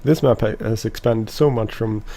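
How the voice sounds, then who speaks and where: A Swedish-speaking let's play host with a warm, lowish voice gives rambling, casual commentary on a farming game at a normal speed. He restarts often and leans on lots of fillers.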